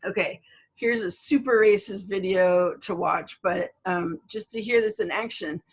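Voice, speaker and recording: Husky-voiced woman lecturing. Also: medium pitch, measured pace, low-quality recording. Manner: conversational, filler-heavy, storytelling asides. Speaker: college instructor. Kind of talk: recorded online lecture.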